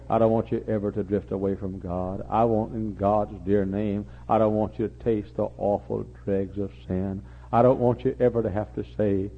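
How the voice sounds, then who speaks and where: An older man preaching a sermon, repeating his phrases and building to impassioned, near-shouting peaks. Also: on the low side, a little hiss or hum. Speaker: pastor. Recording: muffled lo-fi recording.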